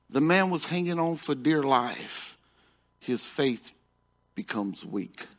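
A man's voice: high-pitched, a bit bright. A male pastor preaching a sermon in a folksy, repetitive way, chuckling at his own jokes.

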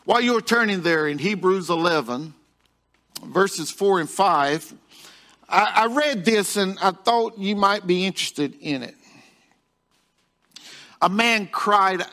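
A man's voice: sits high, expressive, takes it slowly, long pauses, pushed and bright. A male pastor preaching a sermon in a folksy, repetitive way, chuckling at his own jokes.

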